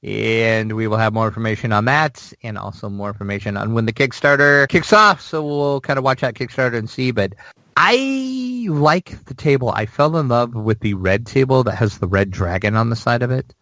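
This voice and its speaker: A man's voice: fairly low pitch, fairly even intonation, fairly quick, few pauses, a bit bright, dry recording, rough recording. A man co-hosting a gaming news podcast, chatting casually and rambling with plenty of fillers. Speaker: podcast co-host.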